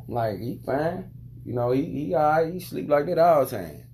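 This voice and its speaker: A father telling a frustrating story to camera, venting in a loose, profane, animated way. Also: mid-range voice, normal speed, a little hiss or hum. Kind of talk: casual storytelling monologue.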